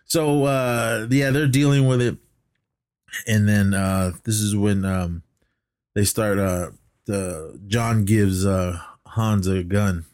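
A man's voice: fairly low pitch, fairly even intonation, slow pace, a little mellow, no room sound, clean studio sound. A man co-hosting a podcast, recapping a movie in a casual, rambling way with lots of fillers and restarts, coughing now and then. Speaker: podcast co-host.

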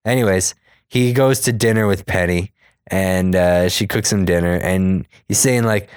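A man's voice: low voice, measured pace, darkish tone, clear, resonant tone, no room sound, studio quality. A man casually recapping a cartoon episode, swearing freely and acting out the characters' lines with lots of energy. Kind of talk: casual chat.

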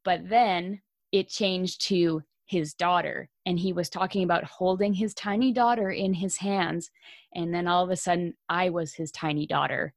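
A woman's voice: fairly low pitch, moderate pace, no room sound, clean studio sound. Laughing Canadian woman telling a story. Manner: laughs often, animated storytelling. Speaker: podcast co-host. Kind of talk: casual chat, storytelling.

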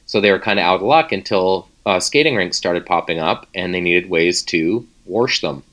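A man's voice: deep voice, normal speed, fairly bright tone. A man, co-hosting a casual chat and playfully quizzing his partner with trivia. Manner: playful, teasing quizmaster. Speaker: co-host running a trivia game.

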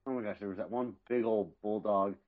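A man with a low voice co-hosts a casual podcast chat. He is laid-back and crude, laughs easily, and talks in loose, unhurried phrases. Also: fairly even intonation, no echo, phone-quality sound. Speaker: podcast co-host.

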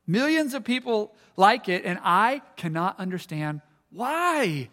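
Middle-aged pastor man joking through a sermon, high voice, echo hanging in the hall. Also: big pitch swings, bright, forceful tone. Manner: chatty, self-deprecating, halting restarts. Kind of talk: casual sermon with humor. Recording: long reverb of a church hall.

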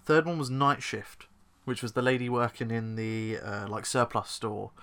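Man, casual podcast chat, bright voice, middling pitch, rambling. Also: steady tone, moderate pace. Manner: rambling, teasing, retells plots. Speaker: podcast co-host.

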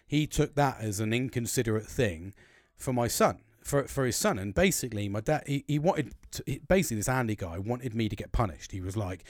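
British man, forties, rambling storyteller with a very lively pitch that swings high and low, constant swearing, dry close recording. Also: fairly quick, dry recording. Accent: British English. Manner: rambling, heavy swearing, laughing asides. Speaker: podcast host. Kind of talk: casual storytelling.

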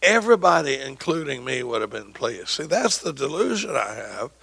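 An older man speaks at a recovery meeting in a folksy, joking way, acting out the voices of people he quotes. His voice is bright and gravelly with a husky edge. It sits a little high for a man. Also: very animated, normal speed.

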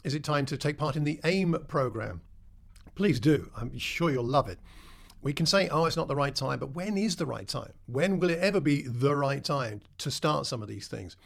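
A man's voice: fairly high pitch, lively intonation, normal speed, creaky. A man preaching a sermon in a conversational way, putting questions to his listeners.

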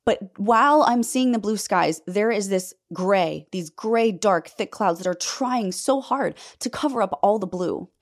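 This is a young woman sharing a personal faith testimony, speaking straight to her audience. She tells it dramatically and with intensity, her voice leaping high whenever she hits a key point, then dropping low and quiet. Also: expressive, measured pace, hardly any pauses. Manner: intense, dramatic storytelling with sudden pitch leaps when emphatic. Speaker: faith vlogger telling a personal story.

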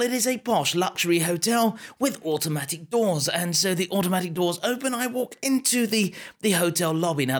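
A man's voice: high voice, a bit bright. A man hosting a podcast, improvising a comic story as a mock-serious documentary narrator, with frequent stumbles. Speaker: podcast host.

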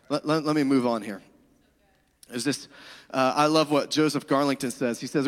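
A man's voice: medium pitch, fairly even intonation, moderate pace, big-room sound. A middle-aged male pastor preaching a sermon in a conversational way, with asides to the congregation.

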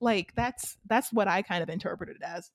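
Excitable woman gushing over anime. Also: mid-range voice, moderate pace, dry recording, clean studio sound. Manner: excitable, animated retelling with shrieks and laughs. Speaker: podcast co-host. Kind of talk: casual anime recap chat.

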